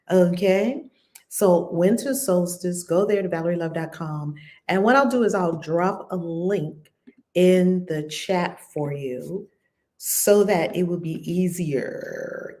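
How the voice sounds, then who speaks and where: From her home, a New York-accented reverend leads a livestreamed spiritual session, effusive and full of repeated affirmations before slowing into a measured, chant-like guided prayer. Her voice is fairly low-pitched and a little mellow.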